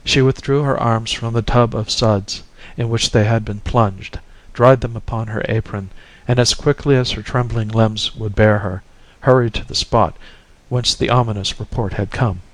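A man narrating a classic short story in a measured, expressive reading. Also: on the low side, no echo, low-quality recording.

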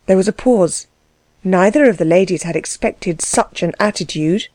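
A woman narrating a novel as an audiobook reader in a measured, even storytelling manner. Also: fairly low pitch, no echo. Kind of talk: scripted narration.

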